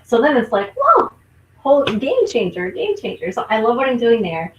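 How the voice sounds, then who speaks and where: A woman's voice: on the high side, lively intonation, fairly quick, a little mellow, echoey room, dull audio, a little hiss or hum. A woman who works as a nurse coach co-hosting a podcast in a bubbly, emphatic, casual way. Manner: bubbly, emphatic, laughs often.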